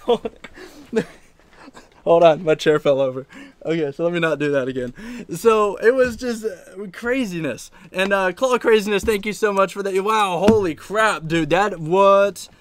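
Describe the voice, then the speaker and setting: A man hosting a live stream from his room, telling a long story in a rambling, animated way and laughing often. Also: sits high, moderate pace. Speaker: arcade channel host.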